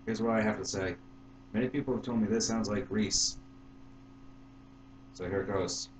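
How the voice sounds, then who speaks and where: A man talking casually to his channel's viewers, halting and unhurried, with fillers and restarts. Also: lowish voice, fairly even intonation. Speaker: YouTube vlogger. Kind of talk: casual vlog to camera. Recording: roomy with faint hum.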